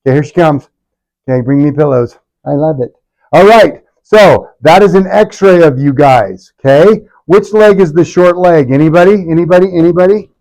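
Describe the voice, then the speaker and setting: A man's voice: on the high side, moderate pace, darkish tone. A middle-aged man, a chiropractor, leading a live workshop with punchy talk, sarcastic asides and constant rhetorical questions.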